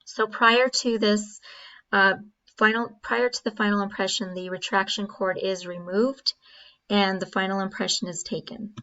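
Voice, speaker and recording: A woman's voice: mid-range voice, fairly even intonation, normal speed, bright, forceful tone, highs cut off. A woman narrating a dental procedure video as an instructor, explaining steps with frequent fillers.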